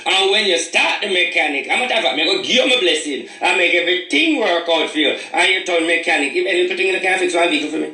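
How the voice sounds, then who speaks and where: A man with a thick Jamaican Patois accent gives a rambling, boastful warning, preaching to his listeners like a self-styled spiritual king. His voice sits a little high and comes out tense and forceful. He sounds set back from the mic in an echoey room. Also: lively intonation, quick pace, hardly any pauses, far from the mic. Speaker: spiritual reader.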